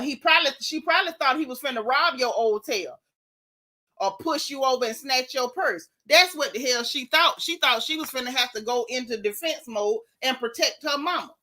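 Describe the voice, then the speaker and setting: A middle-aged woman, casually recapping reality TV in an animated, sassy way. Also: high voice. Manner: animated, sassy, exclaiming, drawn-out emphasis. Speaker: show recap host.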